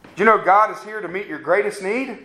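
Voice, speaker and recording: Earnest, fairly high-voiced male preacher. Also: fairly quick, pushed and bright. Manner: pleading, earnest appeals with rising questions. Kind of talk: sermon.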